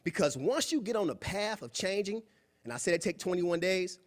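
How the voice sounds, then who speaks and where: A young man giving a preachy, animated motivational talk at a club meeting, acting out quoted voices. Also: high voice, moderate pace. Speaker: guest speaker. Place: meeting room.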